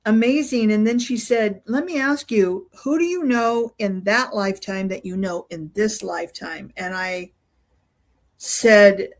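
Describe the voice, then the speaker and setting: A woman's voice: medium pitch, unhurried. A middle-aged woman, a guest in an interview, telling a personal story in a casual, rambling way with many fillers and restarts.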